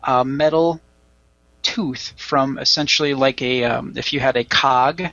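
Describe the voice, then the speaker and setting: A man co-hosting a casual podcast, telling a story in a rambling way with many pauses. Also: medium pitch, steady tone, pushed and bright, dry recording, dull audio. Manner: rambling storyteller, halting with fillers. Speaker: podcast co-host.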